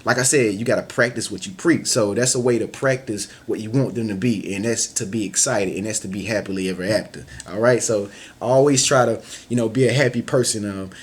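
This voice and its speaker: A man's voice: on the low side, steady tone, fairly quick, slightly rough. A man talking casually to camera with life advice, loose and slangy, often saying "you know what I'm saying" and acting out little scenes in other voices. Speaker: vlogger giving advice. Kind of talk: casual motivational talk.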